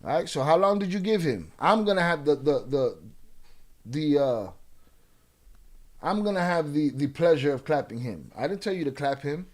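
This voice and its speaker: A man with a fairly high voice, streaming live and clapping back at his chat. He argues in a blunt, profane way, repeats questions back at commenters, and trips over restarts as he pushes his point. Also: lively intonation, normal speed, a little mellow. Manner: combative, profane, arguing with commenters.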